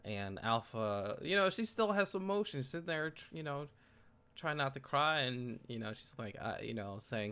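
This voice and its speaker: A man reacting to a TV episode in casual commentary, prone to loud excited outbursts and repeated exclamations. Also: mid-range voice, normal speed, clear, resonant tone. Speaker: reaction video host.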